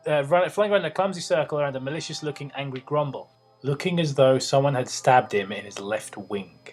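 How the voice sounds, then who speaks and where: A man's voice: mid-range voice, a little fast, faint music behind. A man reading a story aloud for laughs, stumbling over words and breaking off for sarcastic asides. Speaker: reader and host. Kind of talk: comedic reading with banter.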